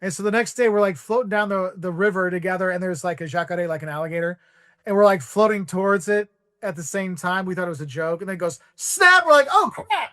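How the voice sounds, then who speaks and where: A man's voice: sits high, steady tone, fast talker, no echo, studio quality. A man in his forties, a guest on a podcast, rambling through travel stories and acting out voices in quotes. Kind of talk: casual storytelling.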